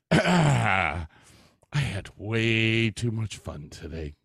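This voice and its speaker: With a lowish, fairly bright voice carrying a breathy edge, this man hosts a casual podcast chat full of laughter and freely flowing swearing. He acts out the voices of the people in his anecdotes, recorded on a studio mic with clean, echo-free sound.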